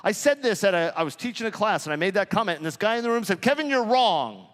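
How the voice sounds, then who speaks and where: A man's voice: sits high, rapid-fire, big-room sound. A man giving a live conference talk, joking and swearing as he tells stories. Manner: profane, joking, animated storytelling. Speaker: conference speaker. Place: large conference hall.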